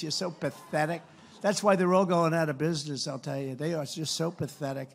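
Gravelly older man giving a rally speech. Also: on the high side, steady tone, a little fast, a little hiss or hum. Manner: rambling and repetitive, swinging between loud and soft; sarcastic. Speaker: political candidate. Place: rally stage before a crowd.

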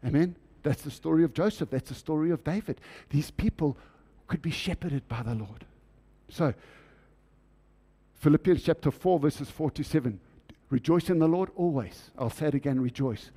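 Male preacher, sermon delivery, warm dark timbre, rhetorical questions to the room. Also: a little high, normal speed.

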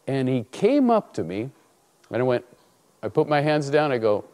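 Male preacher with a warm, mellow voice who tells stories in a sermon and acts out the dialogue. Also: medium pitch, normal speed. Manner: animated storytelling, acts out dialogue. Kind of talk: sermon with personal story.

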